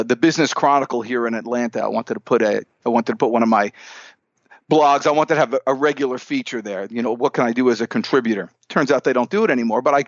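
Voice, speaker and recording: A man's voice: medium pitch, no echo, lo-fi sound. A man who is a sales coach, telling upbeat stories in a podcast interview and acting out the dialogue while he stands. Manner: animated, upbeat storyteller who acts out dialogue.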